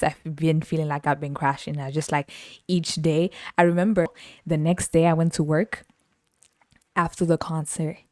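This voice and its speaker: A young woman with a low, warm voice hosts a podcast. She tells stories in a chatty, animated way, laughs often and jumps into the voices of the people in them. The sound is close and dry. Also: no room sound. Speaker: podcast host. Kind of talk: casual solo storytelling.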